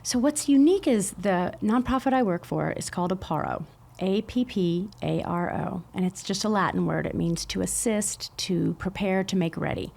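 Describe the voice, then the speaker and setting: A middle-aged woman guests on a casual podcast in a podcast room. Her voice has a gravelly fry and sits at a medium pitch. She explains things in a warm, affirming way. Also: moderate pace.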